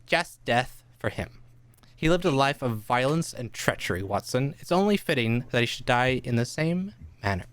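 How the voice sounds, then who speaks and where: A woman's voice: extremely low pitch, expressive, moderate pace. A woman playing a shrewd, confident Victorian male detective in an amateur radio play, lecturing and amused. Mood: grim.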